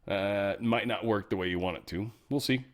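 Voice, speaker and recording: A middle-aged man with a fairly low voice hosts a loose talk show. He rambles, slips into sarcasm and keeps stumbling and restarting his sentences as he mixes opinion with a product pitch. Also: a little fast. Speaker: host.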